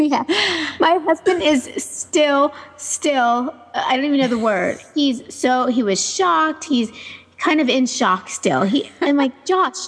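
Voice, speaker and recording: A woman telling animated stories on a parenting panel, often laughing in casual chat. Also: sits high, slow pace, long reverb tail.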